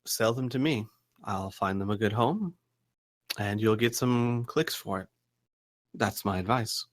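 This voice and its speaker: A shrewd businesswoman fence bargains in a cool, measured tone, as a man puts her on. The voice sits low and steady, never hurried. She sounds like a dealer who is sure she holds the better hand. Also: lightly acted. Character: shrewd middle-aged businesswoman fence, smooth-talking.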